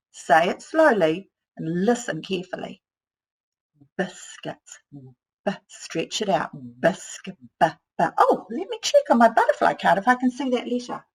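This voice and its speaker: A woman teacher, slowly sounding out words and thinking aloud as she models writing for young children. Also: on the high side, gravelly, fairly bright tone, slightly rough, rough recording. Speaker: primary school teacher.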